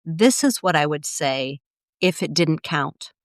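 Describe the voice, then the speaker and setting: A woman's voice: low voice, lively intonation, unhurried, no echo. Agreeable woman podcast co-host, dry sound. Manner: agreeable, chuckling. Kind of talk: casual chat.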